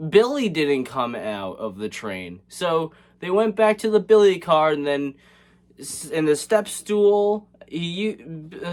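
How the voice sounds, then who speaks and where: Lively sarcastic man recapping a movie. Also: a little high. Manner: sarcastic, rambling, with many fillers and restarts. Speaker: movie reviewer. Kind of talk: casual comedic movie recap.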